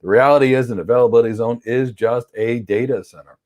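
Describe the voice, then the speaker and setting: In a fast, steady, mid-range voice with a darkish tone, a man teaches a cloud certification course on a livestream. He reads viewer questions aloud, answers with blunt, strong opinions, and acts out examples in playful voices.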